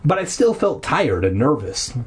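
A man reading a storybook aloud in a relaxed, irreverent way, with a husky, breathy voice. His pitch moves around a lot as he goes. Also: normal speed. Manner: irreverent, laughs and swears at his own slips. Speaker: reader of a children's horror novel. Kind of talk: casual audiobook reading with jokey asides.

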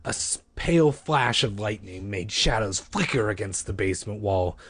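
A man's voice: fairly low pitch, animated, moderate pace, fairly bright tone, slightly rough. A man reading a children's horror book aloud, breaking off for playful, self-mocking asides and swearing. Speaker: reader.

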